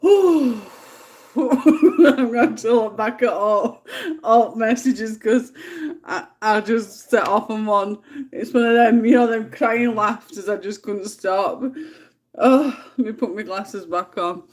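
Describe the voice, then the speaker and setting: A woman's voice: a little high, takes it slowly, a little mellow. A woman hosting a casual livestream, crying with laughter in helpless giggling fits. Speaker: livestream host.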